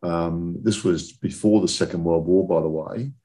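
A man in his sixties from southern England, an industry chief executive guesting on a casual podcast, spins long, rambling tales about his working life, frequently checking in with "okay?". His voice is low and mellow, steady in tone at a moderate pace.

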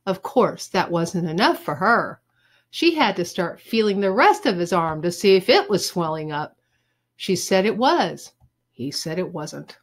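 A woman teacher reading a children's chapter book aloud with expressive storytelling. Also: fairly low pitch, a little slow, breathy edge.

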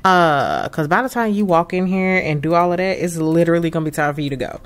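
Young woman, casual gameplay commentary, chatty and slangy, lively pitch. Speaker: gaming video creator.

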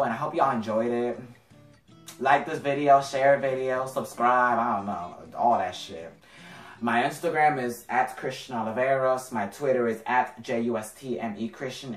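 A man's voice: medium pitch, reverberant, recorded from a distance. A young man telling a storytime vlog in a sassy, profane, dramatic way. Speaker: vlogger.

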